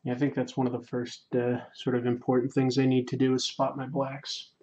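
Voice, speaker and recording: A man hosting a drawing livestream, chatting casually and reading viewer comments, going quiet during fine detail work. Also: mid-range voice, completely flat delivery, fairly quick, highs cut off. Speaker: livestream host. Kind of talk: casual chat while drawing.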